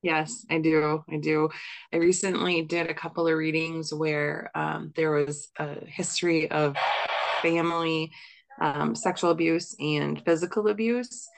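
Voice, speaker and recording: A woman talking as a podcast guest in an easy conversational way. Her voice sits very low with a gravelly fry running through it. She speaks thoughtfully, pausing on "um" as she gathers her words. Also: fairly even intonation, a little hiss or hum, rough recording. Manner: thoughtful, hesitant with "um". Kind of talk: casual chat.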